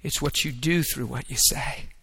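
A man preaching a sermon with an emphatic, repetitive cadence, swinging between hushed murmurs and rising, shouted exhortation. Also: mid-range voice, normal speed, creaky, husky.

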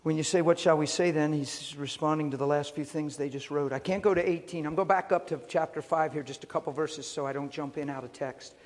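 A male pastor preaching a sermon with animated storytelling and rhetorical questions. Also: fairly high pitch, brisk, hardly any pauses. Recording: long reverb of a large hall.

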